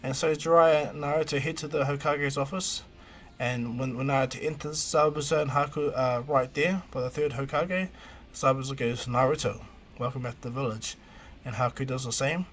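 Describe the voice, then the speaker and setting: A man retelling a fan fiction story on his stream, animated and rambling, full of restarts. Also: fairly high pitch, normal speed.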